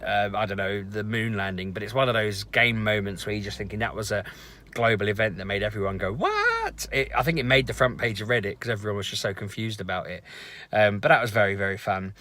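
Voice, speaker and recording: A man, chatting casually to camera in a rambling, animated vlog. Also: fairly low pitch, fast talker. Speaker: vlogger.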